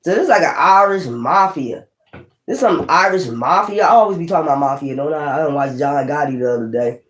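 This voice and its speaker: A woman's voice: low voice, animated, a little fast. A woman giving a casual tarot reading, blunt and profane, thinking aloud as she goes. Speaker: tarot reader. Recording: roomy echo.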